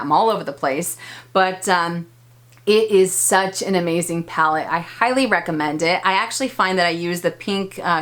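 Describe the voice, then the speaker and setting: Woman beauty vlogger, 30s, chatty and upbeat, slightly low pitch. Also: a bit bright. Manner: chatty, enthusiastic, frequent fillers and laughs. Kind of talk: casual product review.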